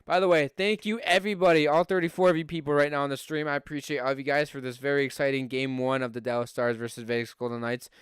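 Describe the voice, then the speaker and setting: A man's voice: medium pitch, flat delivery, quick pace, hardly any pauses, clean tone, dry recording, clean studio sound. A young man from Buffalo with a Western New York accent, a podcast host doing casual live hockey play-by-play on a stream, chatty with fillers and rising on scoring chances.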